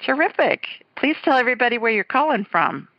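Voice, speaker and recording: A woman's voice: a little high, very animated, brisk, no room sound, dull audio. A woman hosting a call-in radio show, talking to callers in a chatty, affectionate way and laughing easily. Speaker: host.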